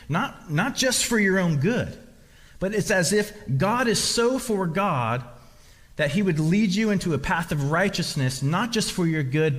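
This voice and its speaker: A man preaching a sermon as pastor, emphatic and repetitive, often restarting his phrases. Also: fairly high pitch. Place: church hall. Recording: long reverb of a large hall.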